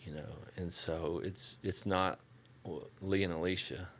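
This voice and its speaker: Low-voiced Southern man telling stories. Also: unhurried, a little hiss or hum. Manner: relaxed, folksy anecdotes with quoted dialogue. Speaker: church staff guest. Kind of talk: casual storytelling interview.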